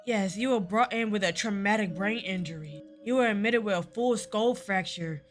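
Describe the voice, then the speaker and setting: A woman reading a gentle, attentive male doctor's lines aloud from a visual novel, in a calm, reassuring, measured way. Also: medium pitch, soft background music, close to an everyday voice.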